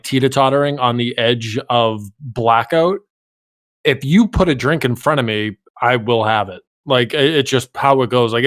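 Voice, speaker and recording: A man's voice: medium pitch, no room sound, studio quality. A man co-hosting a podcast in casual chat, wry and self-deprecating. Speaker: podcast co-host.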